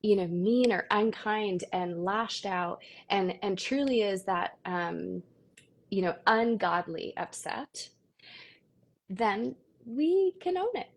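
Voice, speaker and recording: A young adult woman on a live video call, sharing parenting advice in an earnest, animated way. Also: mid-range voice, slow. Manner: earnest, animated storytelling with quoted asides. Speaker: guest, parenting content creator. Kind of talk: casual live video chat.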